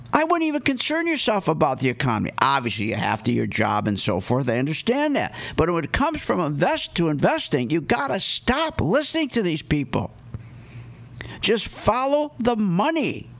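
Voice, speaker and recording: Brief: male talk radio host, higher voice, very lively swings, emphatic and repetitive. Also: vocal fry. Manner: emphatic, repeats key points, rhetorical questions. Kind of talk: opinionated talk radio monologue.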